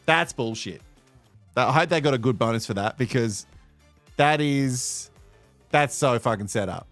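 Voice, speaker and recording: A man's voice: medium pitch, animated, unhurried, a bit bright, dry recording, faint music behind. An Australian man hosting a live watch-along, sarcastic and swearing with bursts of laughter. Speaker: host reacting to a reality show.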